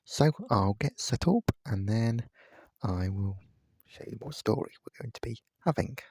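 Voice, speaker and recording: A man reading a children's storybook aloud at home, gentle and speaking straight to his listeners. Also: lowish voice, animated, a little slow, breathy edge, no echo, studio quality. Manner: gentle, addresses listeners directly. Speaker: vlogger reading a bedtime story. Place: at home, indoors, cat on his knee.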